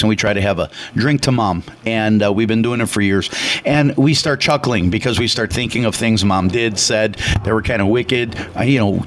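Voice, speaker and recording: A man from Chicago co-hosting a radio talk show, telling a story loudly and animatedly, with acted voices. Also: medium pitch. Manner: loud and animated; passionate, retells dialogue with acted voices. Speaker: radio co-host.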